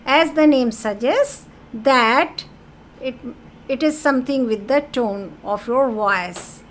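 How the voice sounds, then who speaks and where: A woman teaching a French grammar lesson, speaking very slowly and patiently in a slightly high voice. She repeats key terms and drops French phrases into her English explanations. A faint ambient hum sits under her voice.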